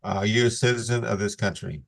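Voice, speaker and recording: Male judge on a video-call hearing; lowish voice, steady and formal, reads plea warnings. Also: quick pace, vocal fry.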